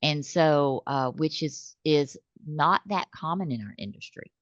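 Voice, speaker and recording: Low-voiced woman telling stories. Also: measured pace, dry recording. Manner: animated storytelling, acts out customer calls. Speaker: business owner guest. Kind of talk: conversational interview. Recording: slightly dull dry recording.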